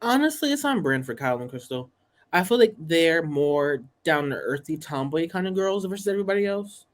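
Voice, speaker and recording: Blunt, animated reality TV co-host. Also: mid-range voice, fairly quick. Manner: blunt, opinionated, swears freely. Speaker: podcast co-host. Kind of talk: casual reality TV recap chat.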